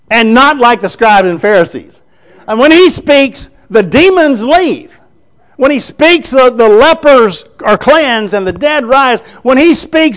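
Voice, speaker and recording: A man preaching a sermon, quoting scripture and speaking in an emphatic, conversational way. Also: very high-pitched.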